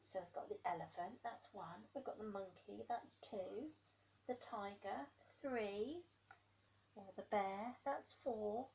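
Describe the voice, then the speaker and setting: A preschool teacher reads a picture book to toddlers, taking her time over each page. She asks the little ones questions and sinks into hushed whispers to build suspense. Her voice sits at an ordinary pitch for a woman. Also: takes it slowly, creaky, slight background noise. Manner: drops to hushed whispers for suspense, then gasps; coaxing, asks the children questions.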